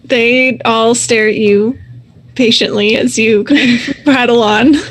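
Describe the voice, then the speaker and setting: A woman narrating a tabletop game as game master, slowly and with many fillers. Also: a little high, steady tone. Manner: slow, unhurried narration with fillers.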